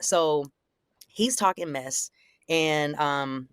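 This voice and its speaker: Woman, young adult, casual storytelling, acts out quotes, lowish voice, dry close sound. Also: slow pace, clean tone, no room sound. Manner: animated, acts out quoted lines in a higher voice. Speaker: guest recounting a confrontation.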